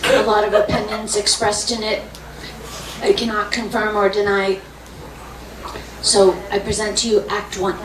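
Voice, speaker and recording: A woman doing a live comedy puppet act, giving deadpan introductions on a comedy club stage. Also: mid-range voice, unhurried, long pauses. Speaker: puppeteer comic. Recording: echoey club, far mic, loud noise.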